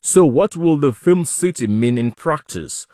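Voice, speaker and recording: A male reporter giving scripted news narration in a calm, clear storytelling manner. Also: fairly high pitch, unhurried, dry recording, studio quality.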